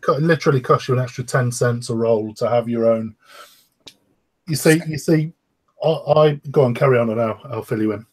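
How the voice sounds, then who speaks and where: A man's voice: medium pitch, normal speed. A man co-hosting a podcast, mixing product opinions with jokes and hesitant ums. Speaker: podcast co-host. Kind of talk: casual chat. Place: at home on an online call.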